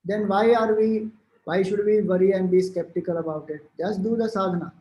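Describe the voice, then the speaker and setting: A man's voice: sits high, fairly even intonation, a little fast, dark tone. A man with an Indian English accent giving a devotional discourse, explaining scripture and retelling old stories in a loose, storytelling way. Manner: storytelling, explanatory, with fillers and restarts. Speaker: spiritual teacher. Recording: roomy echo.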